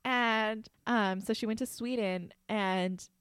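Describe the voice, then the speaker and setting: A woman's voice: on the high side, fairly even intonation, slow, a bit bright, clean tone, dry recording. A young woman co-hosting a podcast, chatting casually in a giggly, rambling, self-mocking way. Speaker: podcast co-host. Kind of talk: casual chat.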